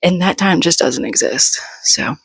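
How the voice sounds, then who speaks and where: A woman's voice: lowish voice, expressive, measured pace, creaky, husky, dry recording, clean studio sound. A woman in her thirties, a little out of breath, chatting in a rambling, self-deprecating way from her bedroom floor. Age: 30s. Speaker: book vlogger. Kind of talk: casual chat.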